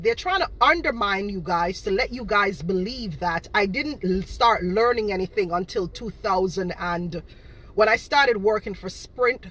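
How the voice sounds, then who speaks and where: A woman's voice: mid-range voice, pushed and bright. A woman in her thirties from Boston with a Jamaican patois-inflected accent, talking casually and indignantly to her viewers, repeating herself for emphasis. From Boston, Massachusetts. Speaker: cake seller.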